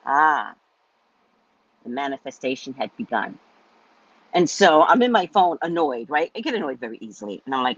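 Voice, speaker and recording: A woman's voice: low voice, moderate pace, breathy edge, no room sound, lo-fi sound. A middle-aged woman, a psychic host, telling a personal story in a chatty monologue and acting out the voices of the people in it. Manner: animated, acts out quoted voices, chatty asides like "right?".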